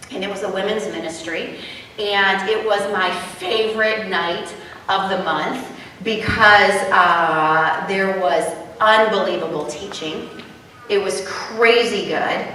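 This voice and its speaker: Bright woman preaching in an echoey hall. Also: mid-range voice, distant mic, slight background noise. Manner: animated, chatty, acts out quoted voices. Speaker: speaker at a women's retreat. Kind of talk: storytelling sermon.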